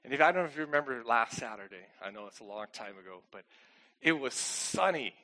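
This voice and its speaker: A man's voice: medium pitch, expressive, fast, bright, forceful tone. A middle-aged man preaching a casual, conversational sermon, chatty and self-deprecating, often asking the congregation "okay?". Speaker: pastor.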